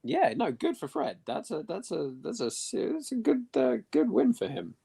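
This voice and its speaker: A man with a British accent, a guest in a casual watch-along chat, teasing and animated. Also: very high voice, normal speed, gravelly, husky. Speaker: guest commentator.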